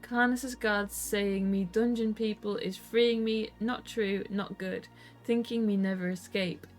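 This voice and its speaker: A woman's voice: medium pitch, fairly even intonation, measured pace, faint music behind, natural voice. A woman reading a terse, annoyed hobgoblin. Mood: impatient. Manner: clipped broken grammar. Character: small annoyed male hobgoblin in broken speech.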